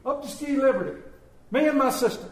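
A man preaching a sermon to a congregation, reading scripture slowly and with emphasis, then joking and asking the room questions. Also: extremely high pitch, animated. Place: church hall before a congregation. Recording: echoey room.

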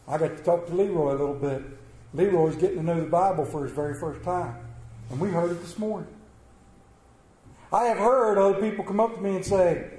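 A man's voice: high voice, normal speed, long pauses, dark tone. A man in church asking the congregation for donations, questioning them directly. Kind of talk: offering appeal in church. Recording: echoey church hall.

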